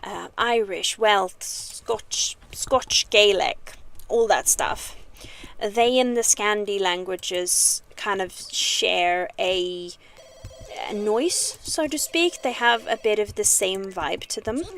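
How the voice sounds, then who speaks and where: A woman's voice: medium pitch, takes it slowly, fairly bright tone. A woman from Sweden with a Swedish-tinged English accent, chatting casually and thinking aloud as she livestreams a game. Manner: chatty, rambling, thinks aloud while playing. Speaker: streamer. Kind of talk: casual live gameplay chat.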